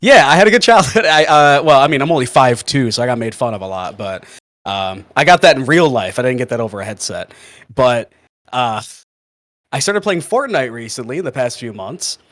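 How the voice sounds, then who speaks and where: A man's voice: medium pitch, very animated, a little fast, fairly bright tone. A man chatting casually on a podcast, joking loosely and swearing. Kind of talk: casual chat.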